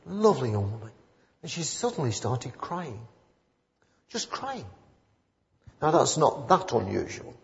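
A man's voice: medium pitch, very animated, moderate pace, vocal fry. A man preaching an informal sermon, telling stories in a rambling, conversational way and building to fervent emphasis. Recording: muffled church recording with long reverb.

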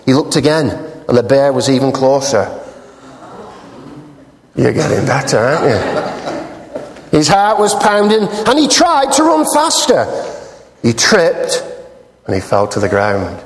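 Man preaching, lively up and down voice, teasing the crowd, long echo in the hall. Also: medium pitch, measured pace, pauses often. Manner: playful, teasing the congregation. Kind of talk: sermon with a told joke.

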